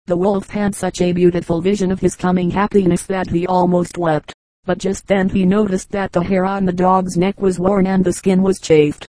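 A narrator reading fables aloud in an even, measured storytelling manner. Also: medium pitch, no room sound, poor audio. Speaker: audiobook narrator.

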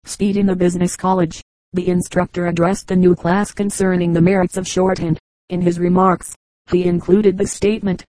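A woman reading a collection of humorous anecdotes aloud as an audiobook narrator, in a steady reading delivery. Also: fairly low pitch, moderate pace, dry recording, rough recording. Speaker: audiobook reader.

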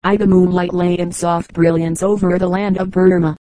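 A woman narrating an audiobook with a steady, even reading style. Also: on the low side, normal speed, no room sound, rough recording. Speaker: audiobook reader. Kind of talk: scripted narration.

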